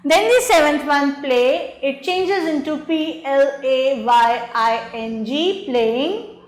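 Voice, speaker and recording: A woman's voice: high-pitched, lively intonation, slow. A woman teacher, patiently walking through a grammar exercise and spelling words letter by letter. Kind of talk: slow spelled-out grammar lesson. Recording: echoey room.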